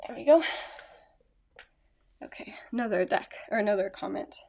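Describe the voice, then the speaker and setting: A woman's voice: mid-range voice, moderate pace, creaky, warm tone. A woman casually chatting to her phone camera at home, rambling and correcting herself with small laughs. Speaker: vlogger. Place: at home, indoors.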